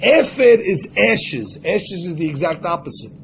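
A man with a high, gravelly voice gives an emphatic religious lecture and slips into the voices of imagined people. The recording is dull and lo-fi, with a faint hiss underneath. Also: very animated, unhurried. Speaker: Torah teacher.

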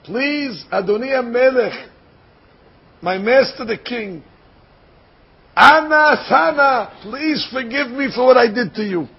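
A man's voice: extremely high pitch, expressive, takes it slowly, husky, muffled recording, heavily acted. A preacher acting out a humbled army general who pleads for an emperor's forgiveness, crying out his words. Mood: pleading.

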